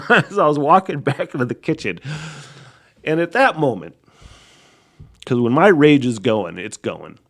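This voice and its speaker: A man's voice: mid-range voice, unhurried, long pauses. A man hosting his own podcast, telling a rambling, profane story in a solo monologue and often breaking into laughter. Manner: animated storytelling. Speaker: podcast host.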